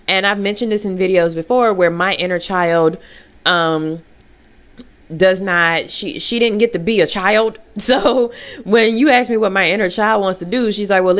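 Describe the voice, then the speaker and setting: Telling a story from her own life, a young vlogger stays casual and animated and keeps breaking into high-pitched, mocking impressions.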